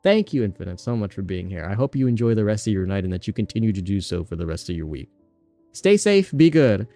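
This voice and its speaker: A man's voice: fairly low pitch, sing-song, fast, mellow, no room sound, soft background music. Rambling, chatty young male streamer. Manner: rambling and chatty, easily distracted, reads game text aloud. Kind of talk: casual gaming livestream chat.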